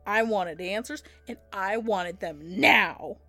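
A woman's voice: mid-range voice, takes it slowly, bright, forceful tone, no echo, faint music behind. A young woman co-hosting a comedy podcast, reading fan fiction aloud and often breaking into laughter.

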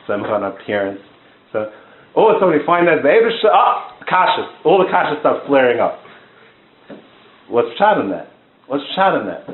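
Fast-talking man giving a lecture, tinny. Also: medium pitch. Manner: animated, repetitive, mixes Yiddish and Hebrew terms. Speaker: Torah teacher giving a shiur. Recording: phone-like, echoey room.

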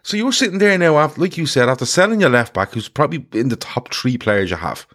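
A man's voice: medium pitch, fast talker. A man hosting a casual football podcast, telling stories with lots of swearing and mocking quotes. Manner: swearing, animated storytelling with mocked quotes. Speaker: podcast host.

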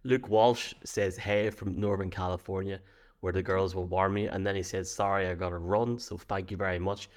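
Low-voiced Irish co-host, chatty. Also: male voice, fairly even intonation, moderate pace. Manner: chatty, laughs easily while telling stories. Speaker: co-host reading listener messages. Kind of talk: casual chat.

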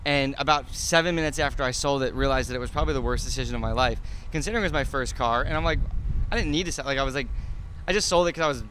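A man's voice: mid-range voice, rapid-fire, a bit bright, slight background noise. A man in his thirties, an interview guest chatting casually about his cars, rambling with lots of fillers and restarts.

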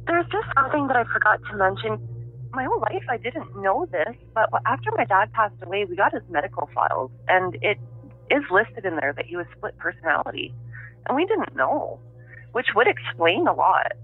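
A woman giving an interview over the phone, telling her story in a halting, reflective way. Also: mid-range voice, very animated, slightly rough, faint music behind. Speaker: interviewee, daughter of the subject. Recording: narrow tinny phone line.

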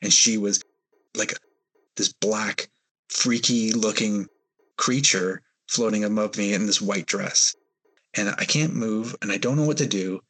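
Husky-voiced man telling a story. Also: fairly low pitch, a little slow, a bit bright. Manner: hesitant, rambling retelling with fillers. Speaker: podcast guest. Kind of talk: storytelling in an interview.

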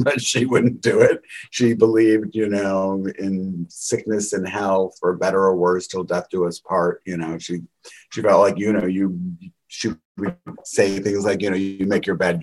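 A man's voice: on the low side, rough recording. A middle-aged man telling candid stories in a rambling way, with wry laughs. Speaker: guest. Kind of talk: candid conversational storytelling.

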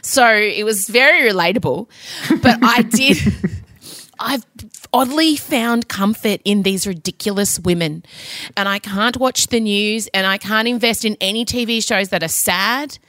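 Animated woman, 30s, podcast co-host; bright, crisp tone, recorded dry. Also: mid-range voice, measured pace, no echo. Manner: animated, swears and laughs often. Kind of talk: casual chat.

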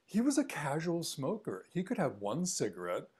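A man's voice: on the high side, wildly swooping pitch, moderate pace, a little mellow, slightly rough. Guy author in an interview, thoughtful, keeps restarting his sentences as he explains. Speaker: author guest. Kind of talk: conversational interview.

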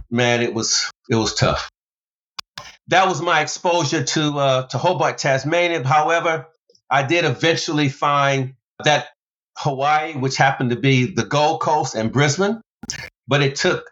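Animated storytelling man, slightly dull audio. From United States. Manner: animated storyteller, big pitch jumps for emphasis. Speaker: guest, former pro basketballer and motivational speaker. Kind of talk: storytelling interview.

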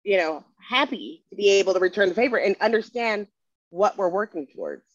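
A woman's voice: medium pitch, big pitch swings, a little fast, no room sound. A woman talks in a middle-range voice, earnest and emphatic as she makes her points. Her voice sounds close and dry. The sound is dull and lo-fi. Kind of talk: casual conversation.

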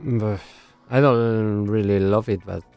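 Low-key male radio co-host. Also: fairly even intonation, measured pace, smooth, highs cut off, soft background music. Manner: brief, low-key replies. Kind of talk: live radio show banter.

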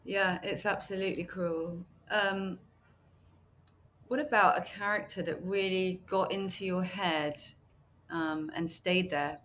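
Give me a woman interviewer with a lower voice and faint background noise. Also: steady tone, slow pace, a bit bright. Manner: brief, encouraging replies. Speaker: host. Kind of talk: casual interview questions.

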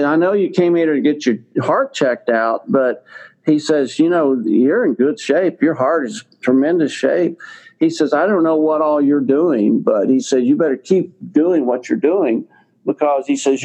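A man's voice: mid-range voice, warm tone, rough recording. An older man telling a long personal story in a casual, rambling way, with many fillers and restarts. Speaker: guest telling his health story.

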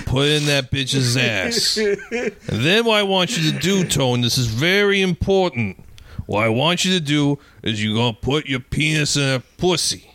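A man's voice: fairly high pitch, noisy background. A man voicing a crude, bossy man who eagerly coaches his buddy through each step.

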